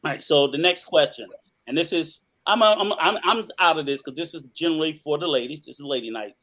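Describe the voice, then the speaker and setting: A man with a slightly raised pitch hosts a relaxed group chat. He talks loosely, circling back and restarting, and drops curse words without a thought. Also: quick pace. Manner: loose, rambling, swears casually. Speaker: podcast host. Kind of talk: casual chat.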